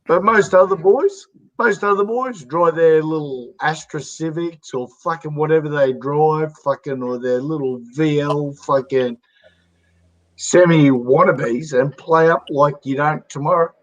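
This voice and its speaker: A man's voice: on the high side, unhurried. A man rambling in slangy, sworn casual chat about cars. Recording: dull lo-fi audio.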